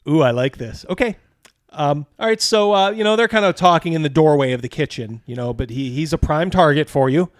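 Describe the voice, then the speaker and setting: Brief: man game master, rambling narration with fillers, slightly high voice, dry close sound. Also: expressive, dry recording. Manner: halting, full of fillers.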